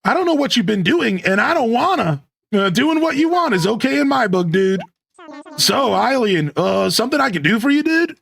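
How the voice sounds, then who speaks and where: A man's voice: medium pitch, brisk, hardly any pauses, close to an everyday voice. A man voicing a laid-back, friendly male animal villager from a life-sim game, with a drawling surfer-dude way of talking and calling everyone dude. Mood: upbeat. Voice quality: drawling California-style surfer slang. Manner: breezy, calls everyone dude. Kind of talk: reading game dialogue aloud in character.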